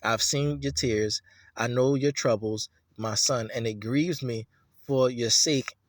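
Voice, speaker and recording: A man reading aloud as the spirit of a grieving mother speaking from beneath the ground, in a slow, hushed, mournful way. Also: mid-range voice, pitched below the performer's own voice, natural voice. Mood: mournful, tender.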